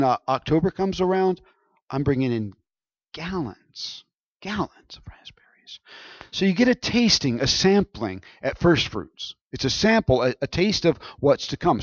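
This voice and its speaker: A man's voice: on the high side, dry recording, lo-fi sound. A man preaching a sermon in a conversational way, often checking in with his listeners. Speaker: pastor.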